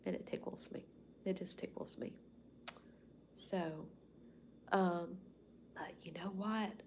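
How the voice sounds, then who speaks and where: In a low whisper, taking her time, a Southern US woman in her fifties hosts a casual livestream from home. She rambles folksily to her live viewers, tossing in soft asides.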